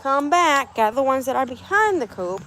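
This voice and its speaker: A woman's voice: sits high, very animated, moderate pace, fairly bright tone, a little hiss or hum. A woman vlogging outdoors by her chicken coop on a phone camera, chatting and coaxing her birds inside. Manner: coaxing, talks to her animals. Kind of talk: casual vlog chat.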